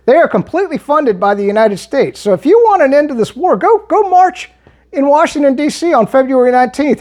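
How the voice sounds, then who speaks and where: A man answers his viewers in a heated, argumentative monologue. His pitch swings up and down animatedly, and he often stumbles and restarts mid-sentence. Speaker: political commentary vlogger. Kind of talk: monologue reading and replying to viewer comments.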